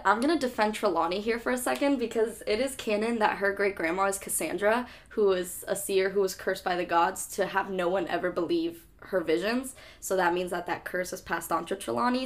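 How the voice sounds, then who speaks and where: Young woman, podcast co-host, chatty recap voice, casual swearing, middle pitch. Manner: chatty, swears casually, acts out characters in quick asides. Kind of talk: casual chat recapping a book.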